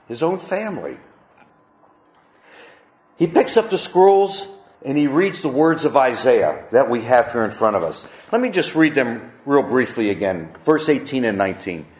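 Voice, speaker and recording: A man preaching a sermon as pastor, animated, with wide swings in his voice. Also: mid-range voice, echoey room.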